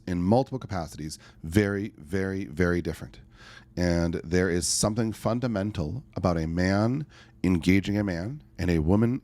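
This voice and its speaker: A man, a life coach and podcast guest, talking emphatically and telling stories in a conversational interview. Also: low-pitched. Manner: emphatic, animated storyteller.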